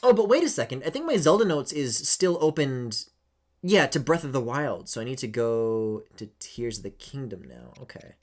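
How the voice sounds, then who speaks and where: Rambling, animated male streamer. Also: mid-range voice, normal speed. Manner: rambling, swearing, sudden excited squeals. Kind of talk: casual live-stream commentary. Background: game music.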